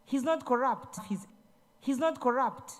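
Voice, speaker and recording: A woman's voice: sits high, animated, unhurried. Woman giving an awards speech. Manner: preachy storytelling with Bible tales, repeats herself. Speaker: guest speaker, government minister. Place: large event hall.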